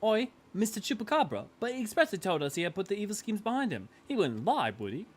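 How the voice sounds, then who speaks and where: A brash, excitable adventuring companion from a video game, put on by a man reading aloud. The voice is pushed high and loud in a mock-Cockney manner, with very lively pitch. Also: fast, slightly rough, heavily acted. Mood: eager. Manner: attempted Cockney, brash exclamations.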